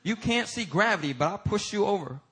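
A male pastor delivers a sermon with a bright, forceful edge and a slightly husky grain. His voice sits a little high for a man. He swings from loud, emphatic peaks down to low, intense stretches. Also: lively intonation, a little fast.

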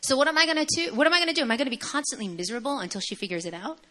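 A young woman preaching a sermon in a conversational, animated storytelling manner. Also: sits high, rapid-fire.

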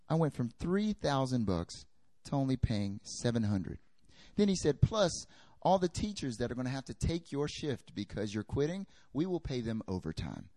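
A young adult man preaching a sermon, telling a personal story with lively, animated delivery and acting out the dialogue. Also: medium pitch, no room sound, studio quality. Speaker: pastor.

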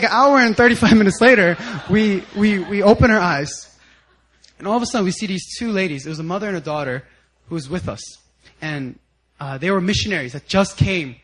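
A man preaching a sermon with personal stories, animated, sometimes shouting out quotes and laughing as he tells them. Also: high voice, low-quality recording. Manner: animated storytelling, acts out quotes loudly and laughs. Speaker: guest speaker at a church service.

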